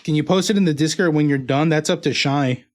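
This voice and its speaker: A male streamer with a brisk, slightly high voice chats casually on a live stream with his viewers and his dog while opening fan mail.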